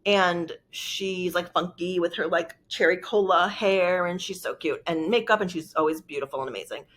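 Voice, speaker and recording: A woman's voice: on the low side, normal speed, fairly bright tone. A woman vlogger telling a personal story in a rambling, emotional way with lots of filler words. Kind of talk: casual storytelling.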